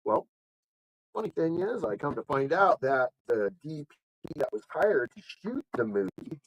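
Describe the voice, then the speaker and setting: His voice is on the high side and unhurried as he hosts a live online show, spinning a long, meandering tale. He voices the other people in it with gusto, uses frequent fillers and restarts, and the low-quality recording carries slight background noise.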